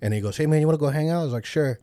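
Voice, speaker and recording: A man's voice: a little high, rapid-fire, no room sound, clean studio sound. A man from Washington, D.C., a comedian guest on a podcast telling stories in a loose, profane way, jumping into raised voices when he plays the people in them. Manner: profane, animated, acts out people in the story with a raised voice. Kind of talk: casual podcast storytelling.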